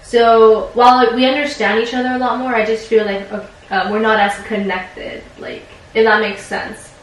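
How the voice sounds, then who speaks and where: A woman's voice: a little high, little pitch movement, moderate pace. A woman in her twenties, speaking as a client in a counseling session, reflective and hesitant with many fillers. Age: 20s. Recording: very echoey room, distant mic, faint noise.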